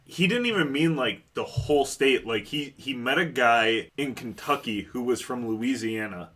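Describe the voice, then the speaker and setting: A man co-hosting a podcast, telling funny stories in a profane, animated way. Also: medium pitch, moderate pace. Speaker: podcast co-host. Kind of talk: casual chat.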